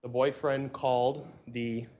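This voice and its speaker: Hesitant, flat-voiced man addressing a board. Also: medium pitch, slow pace. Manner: hesitant, with many fillers. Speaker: county board supervisor. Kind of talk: speech at a public meeting.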